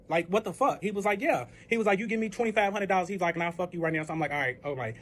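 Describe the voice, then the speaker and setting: A man with a high, light voice rattles through a casual storytime at a brisk clip. He swears freely, leans hard on filler words and plays out both sides of every exchange himself. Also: animated. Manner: profane, with heavy filler words; acts out both sides of the dialogue.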